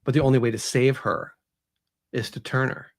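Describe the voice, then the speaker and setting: Here a male author, guesting on an interview show, talks at a moderate pace in a mid-range voice. He retells a story with casual animation and plays the characters.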